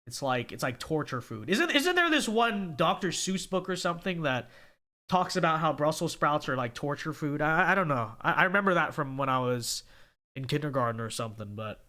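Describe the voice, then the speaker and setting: A man's voice: a little high, very animated, brisk, bright, forceful tone. A young man from California hosting a casual livestream, reading viewer chat and answering it in an emphatic way, often tagging "okay?" onto his points.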